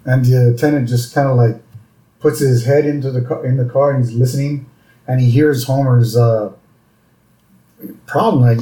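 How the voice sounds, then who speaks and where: A man co-hosting a podcast, retelling a cartoon episode in a loose, rambling way with plenty of fillers. His pitch is mid-range and unremarkable. The room gives his voice a noticeable echo. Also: fairly even intonation, normal speed, pauses often, warm tone. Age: adult parent. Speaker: podcast co-host. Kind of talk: casual chat recapping a cartoon episode. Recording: roomy echo.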